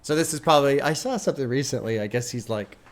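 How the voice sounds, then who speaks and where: A man's voice: medium pitch, fast talker. Profane, chatty male music reaction streamer. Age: adult with a son. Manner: candid, profane, chatty, breaks into brief rants. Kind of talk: casual live-stream commentary.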